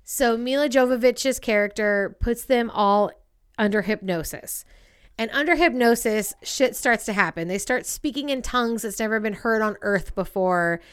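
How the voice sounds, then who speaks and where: Animated profane woman telling a story. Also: a little high, normal speed, clear, resonant tone. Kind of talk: casual storytelling chat.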